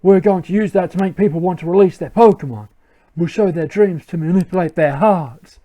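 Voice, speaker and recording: A man's voice: high-pitched, a little fast, dark tone, pitched above the performer's own voice, lightly acted. A man voicing a zealous male villain grunt from a game, earnest and preachy in tone. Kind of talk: reading game dialogue aloud.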